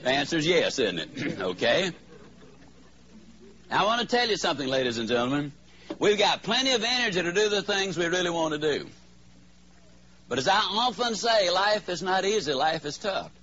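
A man giving a motivational speech to a live audience, telling a story with drawn-out, emphatic punchlines. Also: fairly high pitch, a bit bright. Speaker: motivational speaker. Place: in front of an audience. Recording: slightly dull, faint background hiss.

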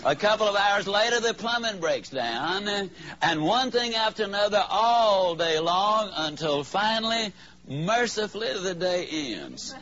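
A man giving a motivational speech to a live audience, telling a story with drawn-out, emphatic punchlines. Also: high-pitched, expressive, a bit bright. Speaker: motivational speaker. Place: in front of an audience. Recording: slightly dull, faint background hiss.

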